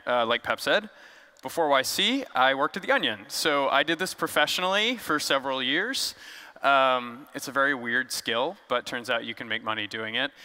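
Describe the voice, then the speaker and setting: A man's voice: medium pitch, pushed and bright, smooth, big-room sound. A man giving a casual, joking conference talk on stage, loose and conversational with fillers. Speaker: conference speaker. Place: large conference hall.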